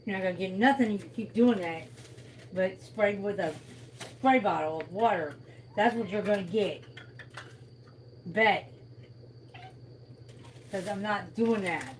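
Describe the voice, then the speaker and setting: A woman's voice: mid-range voice, a little hiss or hum, low-quality recording. A tired woman in pain, chatting bluntly and swearing through a casual livestream.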